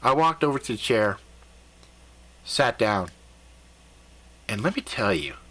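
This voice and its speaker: A man telling a first-person story in a conversational, animated and slightly profane way. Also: fairly low pitch, unhurried.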